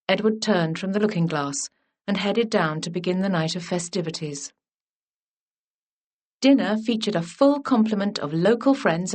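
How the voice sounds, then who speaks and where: A woman reading a historical romance as scripted narration in an even, measured way. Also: medium pitch. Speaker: audiobook narrator.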